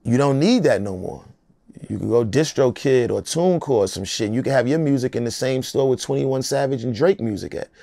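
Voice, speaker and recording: Rapper dude in his 40s chatting in an interview, raspy fry in the voice, swears a lot, keeps going "you know what im saying". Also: medium pitch, a little fast, mellow, dry recording, studio quality. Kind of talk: casual interview talk.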